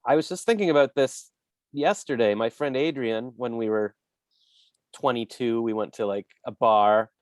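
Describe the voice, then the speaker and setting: A man's voice: mid-range voice, moderate pace, dry recording. A man hosting an interview, rambling and jokey, often correcting himself mid-sentence. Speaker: podcast host. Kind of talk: casual interview chat.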